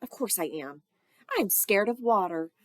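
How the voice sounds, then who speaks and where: A woman voicing an excitable young girl in a storybook reading, squeaky and pleading. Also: a little slow, no room sound, clean studio sound, natural voice. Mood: panicked.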